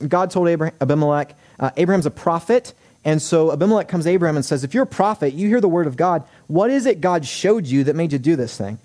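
Guy pastor preaching, kinda high voice, lively, does little voices for quotes, jokey. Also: fast. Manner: animated, acts out quoted voices, wry humor. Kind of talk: sermon.

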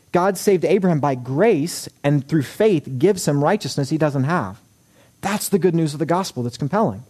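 A man preaching a sermon as pastor, animated, acting out quoted voices with wry humor. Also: a little high.

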